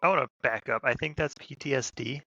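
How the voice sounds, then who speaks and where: A man's voice: medium pitch, quick pace, creaky, bright, forceful tone, no room sound, dull audio. A man in a casual podcast chat, blunt and emphatic about combat.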